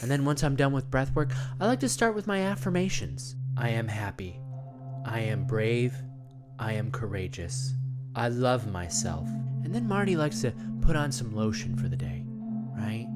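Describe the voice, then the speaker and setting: A man's voice: medium pitch, lively intonation, moderate pace, over loud music, close to an everyday voice. A man playing a rambling, self-absorbed self-care guru who talks about himself in the third person, in a comedy monologue. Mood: soothing. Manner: earnest, rambling, repeats himself.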